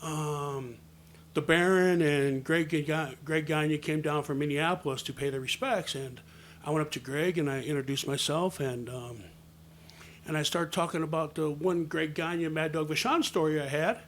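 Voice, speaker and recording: Middle-aged man telling a story, slightly high. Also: moderate pace, a little hiss or hum. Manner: lively, animated retelling with loud acted quotes and casual swearing. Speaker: interview guest, former pro wrestler. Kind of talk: casual storytelling anecdote. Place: studio.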